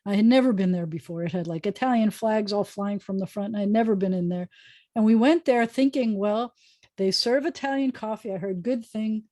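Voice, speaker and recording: A woman's voice: medium pitch, a little fast, mellow, dry recording. A woman rabbi giving a casual online lesson over a video call, chatty and thinking aloud with many fillers. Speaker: rabbi teaching a class.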